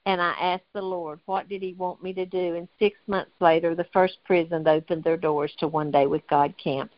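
A woman's voice: lowish voice, steady tone, moderate pace, dry recording, dull audio. An older woman from North Carolina tells an emotional faith story as a guest on a talk show. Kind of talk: testimony in a faith talk interview.

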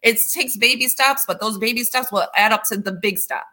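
A woman's voice: on the high side, brisk, pushed and bright. A woman talking earnestly in a casual chat, urging listeners to change their mindset, with frequent restarts. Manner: earnest, repetitive restarts, preachy encouragement. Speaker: guest.

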